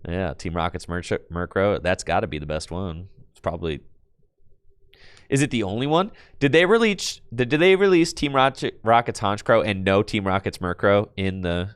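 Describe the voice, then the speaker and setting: A man streaming a card game on his computer, chatting casually and excitably with his viewers in slang, with bursts of laughter. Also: low-pitched, normal speed, smooth, no room sound. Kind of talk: casual live-stream chat while playing a card game.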